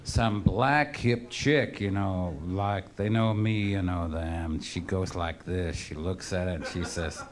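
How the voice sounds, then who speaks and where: A man's voice: deep voice, takes it slowly, few pauses. A man telling rambling, profane stories to a live audience with a wry, offhand manner. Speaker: storyteller performing for an audience. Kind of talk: live spoken storytelling.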